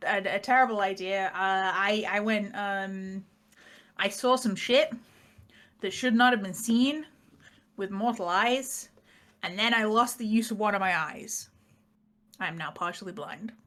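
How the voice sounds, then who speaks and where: A British woman recapping a tabletop game in casual, rambling chat, self-mocking and quick to laugh. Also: mid-range voice, fairly bright tone. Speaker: player giving the recap.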